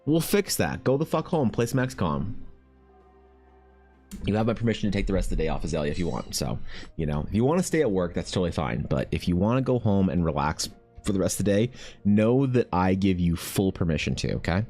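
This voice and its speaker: A man's voice: deep voice, very animated, a little fast, a little mellow. A man streaming while he draws, chatting casually with viewers in a rambling, profane, joking way. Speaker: art streamer. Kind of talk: casual live-stream chat. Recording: faint background music.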